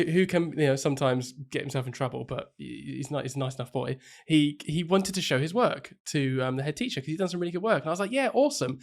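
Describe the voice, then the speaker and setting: A man's voice: fairly high pitch, gravelly. A man, a primary teacher co-hosting a podcast, telling classroom stories in casual chat, acting out his own lines with a lifted voice. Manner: animated, acts out his own lines in a raised voice.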